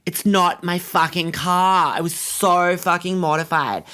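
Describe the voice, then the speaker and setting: A man's voice: high-pitched, fairly even intonation, unhurried, sharp tone, clean tone. A man playing a spoiled, bratty young Australian woman about to turn 21, talking in a vlog-style comedy monologue full of "like" and crude swearing. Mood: mortified. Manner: valley-girl drawl, filler likes, crude swearing.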